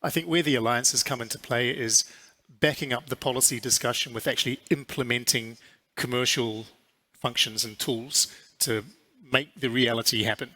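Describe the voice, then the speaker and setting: A man with a New Zealand accent answers interview questions in a measured, businesslike way, often pausing on fillers. His voice is bright and clear, pitched in a middle range. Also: steady tone. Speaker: airline CEO. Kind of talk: conference interview.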